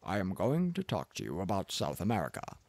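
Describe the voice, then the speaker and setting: A man's voice: low-pitched, wildly swooping pitch, brisk, creaky, a little mellow, heavily acted. A man voicing a pompous, arrogant older professor who lectures in a condescending manner. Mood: lecturing.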